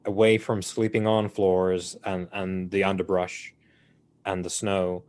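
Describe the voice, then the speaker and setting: A man playing a tabletop game, speaking in character in a measured, formal way. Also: deep voice, level tone, darkish tone. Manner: slow, formal, measured speech. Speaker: player. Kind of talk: in-character tabletop role-play.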